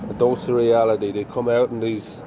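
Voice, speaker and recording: A man's voice: mid-range voice, little pitch movement, brisk. Chatty man filming on a city street. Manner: chatty, wry asides to viewers, swears. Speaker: vlogger walking his dog. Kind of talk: casual walking commentary. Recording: street traffic noise behind.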